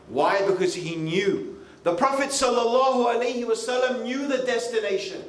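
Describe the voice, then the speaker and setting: Animated male preacher with a high voice. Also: moderate pace. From United Kingdom. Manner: animated, conversational, frequent asides. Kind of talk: lively youth sermon. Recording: echoey hall, faint ambient noise.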